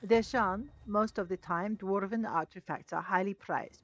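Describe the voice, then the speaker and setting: A creaky mid-range voice, recorded dry, belongs to a let's play gamer casually commenting on her game. She mocks herself and answers the characters. The mic is dull and lo-fi, with game music playing.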